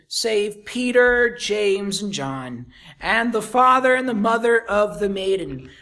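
A pastor preaching a sermon, reading scripture aloud and swinging dramatically from soft to loud with rhetorical questions. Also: mid-range voice. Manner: reads scripture in King James wording.

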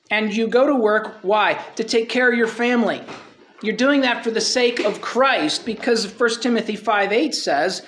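Man preaching in a high, conversational voice. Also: fairly bright tone. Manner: conversational preaching, quoting scripture, asks rhetorical questions. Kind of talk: sermon.

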